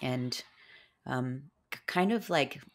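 A woman's voice: rumbling low, slow. A woman guest on a podcast, telling a personal story in a rambling way with many fillers. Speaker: podcast guest, psychedelic guide. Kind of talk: casual storytelling interview.

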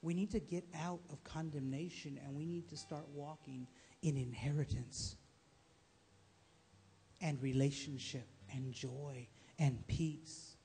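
A man's voice: a little high, fairly even intonation, takes it slowly, warm tone, a little hiss or hum. A man preaching a live church sermon, repeating phrases and building to emphatic calls. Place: church service.

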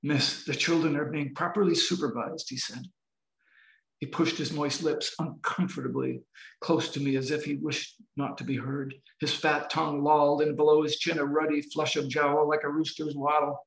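A novelist reading his novel aloud in a measured, expressive way over a video call. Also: on the high side, gravelly. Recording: roomy video-call audio.

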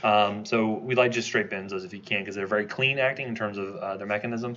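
A man giving a conversational lecture, quizzing his class with quick questions as he teaches. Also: lowish voice, fairly even intonation, a bit bright, lo-fi sound. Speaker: toxicology lecturer.

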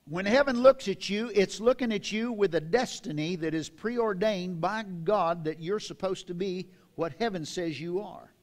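An older man preaching a sermon in a church, reading scripture with slow, dramatic emphasis. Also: sits high. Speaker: pastor. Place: church sanctuary.

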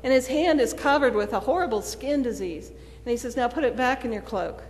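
A woman's voice: a little high, lively intonation, brisk. A woman preacher delivering a sermon in a storytelling manner, acting out the quoted dialogue. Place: church sanctuary. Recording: long church reverb.

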